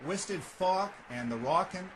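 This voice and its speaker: Canadian radio host with a slightly high voice. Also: male voice, animated, takes it slowly, a bit bright, slight background noise. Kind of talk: radio interview.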